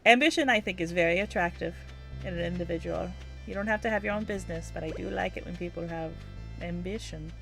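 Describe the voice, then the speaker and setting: Woman streamer, casual gameplay commentary; chatty, giggly, a bit low in pitch. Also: fast talker, gravelly, fairly bright tone, faint music behind. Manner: chatty and giggly, talks to herself while playing.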